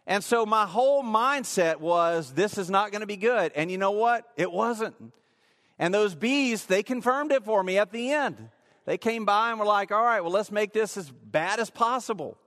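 A man's voice: high-pitched, moderate pace, a bit bright. A man preaching a sermon in a church, telling a personal story in a casual, rambling way with many fillers. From rural area. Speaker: pastor. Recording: long hall reverb.

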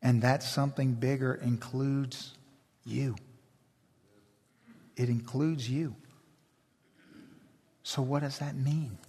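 A man preaching a sermon as pastor, slow and emphatic, building intensity. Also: medium pitch, steady tone, darkish tone, slightly rough. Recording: long hall reverb.

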